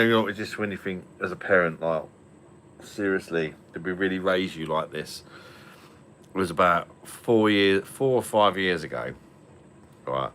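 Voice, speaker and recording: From his home, a man hosts a casual online pub stream, chatting over beers, telling rambling stories, swearing freely and laughing often. His voice is deep with a fairly bright tone, and there is slight background noise.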